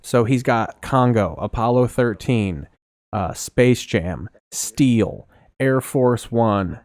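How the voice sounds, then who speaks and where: A man's voice: medium pitch, slow pace, darkish tone, no room sound. A man co-hosting a podcast, blunt and profane, reading off facts in casual chat. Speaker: podcast co-host.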